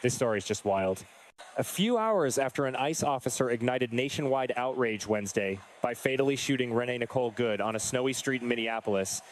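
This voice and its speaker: A man's voice: mid-range voice, a little hiss or hum. A man giving online news commentary, reacting bluntly and with exasperation. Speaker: political commentator.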